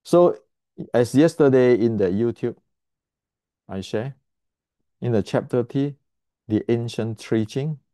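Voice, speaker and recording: Man teaching martial arts, blunt and emphatic, repeats himself, clears his throat, warm dark tone, dry close sound. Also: mid-range voice, takes it slowly, pauses often, no room sound. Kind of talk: explanatory lesson to camera.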